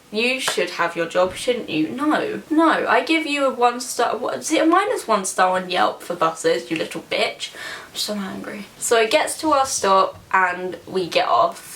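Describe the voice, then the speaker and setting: A young woman, telling a storytime vlog in an animated, sweary, exaggerating way. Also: medium pitch. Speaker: vlogger.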